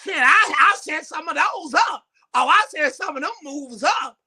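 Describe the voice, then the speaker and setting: Brief: lively male co-host, sharp bright tone, slang-heavy storyteller. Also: very high voice, measured pace. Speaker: podcast co-host. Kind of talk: casual chat.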